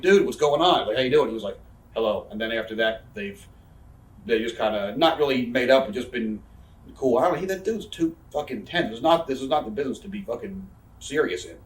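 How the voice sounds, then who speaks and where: Recorded off-mic in an echoey room, a wrestler in his 30s speaks fast at a medium pitch. As a guest in a casual interview, he rambles through profane stories from backstage.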